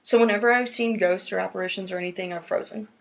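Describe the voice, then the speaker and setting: Female podcast host, casual and chatty, gravelly fry in the voice, reads stories aloud. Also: medium pitch, fairly even intonation, fast talker, poor audio. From North Carolina.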